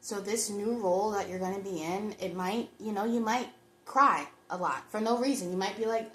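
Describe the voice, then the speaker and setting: This tarot reader's female voice is medium in pitch and a little bright, moving at a normal speed. She chats reflectively to her viewers during a pick-a-card reading, and the roomy recording carries a bit of hiss or hum.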